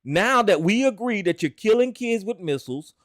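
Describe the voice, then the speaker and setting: A profane, insistent man argues on a call-in show. His voice sits high and swings widely. He keeps repeating his point. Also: lively intonation, moderate pace, no echo, clean studio sound. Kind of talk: heated call-in argument.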